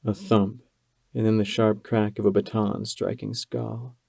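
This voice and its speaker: Gravelly dark-voiced male audiobook narrator. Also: fairly low pitch, little pitch movement, a little slow, no echo.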